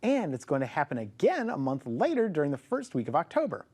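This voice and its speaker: A man's voice: fairly high pitch, wildly swooping pitch, brisk, a little mellow. A man co-hosting a scripted astronomy program as a planetarium director, with an upbeat presenter's reading.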